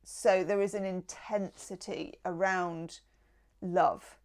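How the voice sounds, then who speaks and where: A woman's voice: lowish voice, fairly even intonation, takes it slowly, a little mellow. A woman giving a tarot reading in a casual, enthusiastic and affectionate way, with chatty asides. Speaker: tarot reader.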